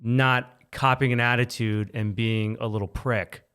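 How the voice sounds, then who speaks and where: A man's voice: mid-range voice, fairly even intonation, a little slow, a bit bright, clear, resonant tone. A man in his thirties co-hosting a podcast, telling a story in casual chat and acting out the voices of people he quotes. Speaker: podcast co-host.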